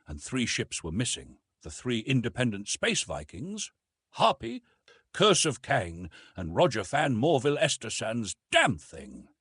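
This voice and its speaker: A man reading a science-fiction audiobook aloud in an expressive, storytelling way. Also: medium pitch, breathy edge, no echo. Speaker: audiobook narrator. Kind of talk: scripted audiobook narration.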